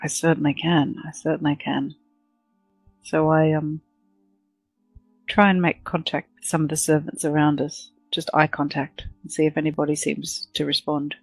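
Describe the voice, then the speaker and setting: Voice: mid-range voice, level tone, normal speed, no room sound, faint music behind, low-quality recording. A player in a tabletop role-playing game, speaking in character with theatrical, timid flair.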